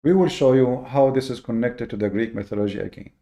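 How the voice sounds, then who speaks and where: Speaking at medium pitch, a man hosts a monologue in the manner of a lecture. His voice is gravelly, mellow, and dark; he weighs key words with slow, deliberate emphasis and keeps stumbling on fillers and repeated words.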